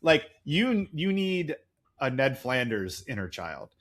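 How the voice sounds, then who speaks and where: A man's voice: medium pitch, sing-song, takes it slowly, a bit bright. A man in his forties co-hosting a podcast in casual chat, rambling and jokey. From United States. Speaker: podcast co-host.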